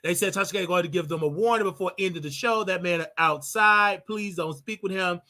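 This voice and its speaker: A man hosting a live call-in show, chatting in an animated, slangy way and laughing often. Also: high voice, brisk. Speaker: show host.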